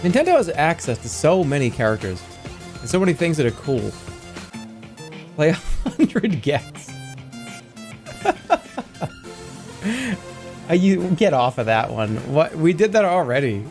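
A man's voice: a little high, takes it slowly, long pauses. A man streaming casually, arguing playfully with his chat. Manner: argumentative, animated banter with chat. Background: faint music.

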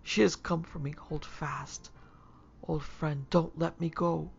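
Woman playing a terrified haunted young man, shrill panicked cries, gravelly edge, dull lo-fi sound. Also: steady tone, takes it slowly, exaggerated voice. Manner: panicked cries and hoarse whispers.

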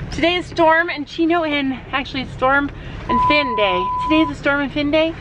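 A middle-aged woman chatting casually in a vlog, mother and horse owner, switching to a high baby voice for her pets. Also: very animated, moderate pace, heavy background noise. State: out of breath.

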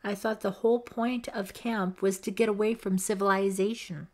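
A woman voicing a glum teenage girl counselor with a flat, sarcastic manner. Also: mid-range voice, normal speed, close to an everyday voice.

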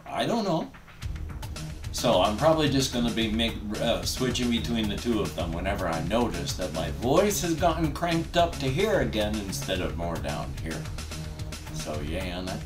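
A man's voice: normal speed, distant mic. Middle-aged man shifting between two voice registers. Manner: switches between a pushed higher register and a relaxed deeper tone. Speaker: gaming vlogger. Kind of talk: casual monologue. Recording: roomy echo, off-mic, music behind.

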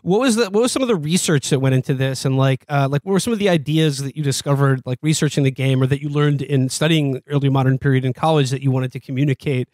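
A man's voice: mid-range voice, fast talker, hardly any pauses, darkish tone, dry recording. A man hosting a podcast, asking long, rambling questions full of likes and throwing in jokes. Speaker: podcast co-host. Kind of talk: casual podcast interview.

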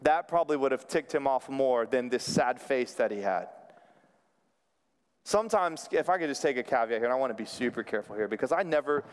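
A man, a pastor delivering an animated sermon to a young adult congregation. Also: medium pitch, a little fast. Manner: animated, drops to near whisper at times. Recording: long hall reverb.

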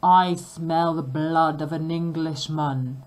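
A woman voicing a huge, fierce male ogre who roars his words slowly and menacingly. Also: deep voice, steady tone, a little mellow. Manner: roaring, slow and menacing.

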